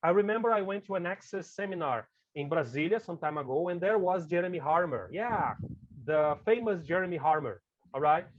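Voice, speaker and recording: A man's voice: fairly high pitch, lively intonation, brisk, dull audio, slight background noise. A man with a Brazilian Portuguese accent, a native Portuguese speaker, gives a casual teacher-training talk to colleagues. He is chatty and keeps tagging his lines with "okay?" and "right?".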